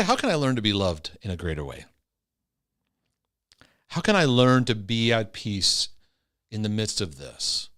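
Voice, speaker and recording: A middle-aged man giving a casual Christian teaching talk on anxiety and intrusive thoughts, chatty and animated, often acting out little voices and ending points with "right?". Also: on the low side. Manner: conversational, acts out voices with tag questions.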